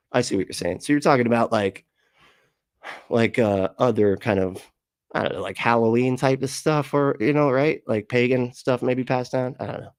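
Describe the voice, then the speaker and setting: A man's voice: mid-range voice, darkish tone, dry recording, studio quality. A man hosting a livestream and reading out his chat, rambling and laughing often as he swears casually.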